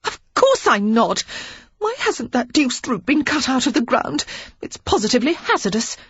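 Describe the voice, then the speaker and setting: A woman's voice: sits high, sing-song, moderate pace, husky, dry recording, muffled recording, voice pushed up, heavily acted. A woman voicing a spirited, reckless young English lady who retorts sharply and indignantly.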